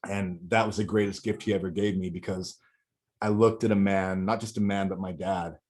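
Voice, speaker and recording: A man's voice: sits low, fairly even intonation, moderate pace, darkish tone. A middle-aged man talking as a podcast guest, telling a candid personal story in a rambling, profane way with many restarts.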